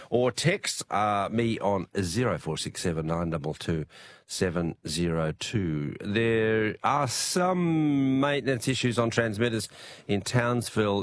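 An Australian man with a croaky, hoarse voice, hosting a late-night radio show in a relaxed, chatty way. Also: lowish voice. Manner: relaxed, chatty, frequent uh fillers. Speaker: radio host. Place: radio studio. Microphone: studio mic.

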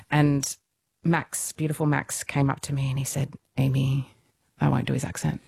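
A woman's voice: sits low, fairly even intonation, normal speed, gravelly, darkish tone, husky. A woman in her thirties, a musical theatre performer, telling stories as a radio guest in an enthusiastic, self-deprecating way with frequent laughs. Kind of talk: casual radio interview storytelling.

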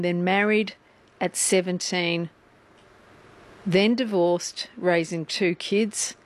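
A woman, presenting a local radio show and interviewing a guest in a brisk, friendly way. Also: lowish voice. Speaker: radio host.

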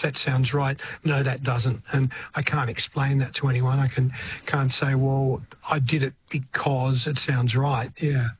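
A man's voice: mid-range voice, a little hiss or hum. An older man with an Australian accent, a retired singer-songwriter speaking as a radio interview guest, reflective and rambling, with frequent restarts.

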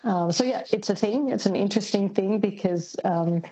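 A woman, a linguist guest on a radio show, explaining carefully with frequent pauses and ums. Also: medium pitch, mellow, breathy edge, low-quality recording. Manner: thoughtful, explanatory, many ums. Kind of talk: radio interview.

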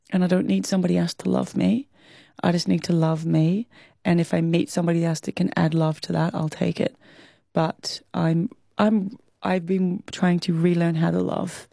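A woman's voice: fairly low pitch, gravelly, mellow, dry recording, clean studio sound. An Australian woman in her thirties, a guest talking candidly and emotionally in an interview. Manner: candid, emotional, quick to laugh. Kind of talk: interview conversation.

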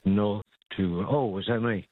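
A man phones in to a radio quiz. His low voice comes through a tinny phone line, and he rambles and hesitates as he talks. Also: unhurried, dry recording. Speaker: radio caller. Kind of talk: casual talkback call.

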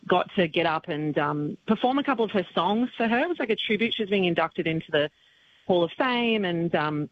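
A woman's voice: lowish voice, animated, brisk, highs cut off. A woman country singer talking as an interview guest, grieving but chatty, with many restarts and fillers. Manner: tearful yet chatty, many restarts and fillers, laughs often. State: upset, grieving. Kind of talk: emotional casual chat.

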